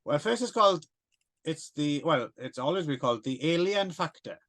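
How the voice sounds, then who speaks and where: A man's voice: a little high, lively intonation, moderate pace, a bit bright. A man co-hosting a casual film podcast, rambling and hesitant with plenty of fillers and self-deprecating asides. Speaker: podcast co-host.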